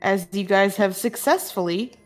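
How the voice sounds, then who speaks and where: A woman narrating as game master of a tabletop game, relaxed, with lots of fillers and laughter between lines. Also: mid-range voice, moderate pace, faint music behind.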